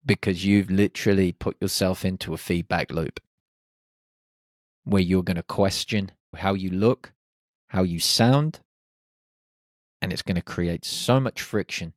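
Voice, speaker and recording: A man hosting a solo podcast, talking in an animated way and slipping into quick voices for people's inner self-talk. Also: deep voice, dry recording, studio quality. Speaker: podcast host.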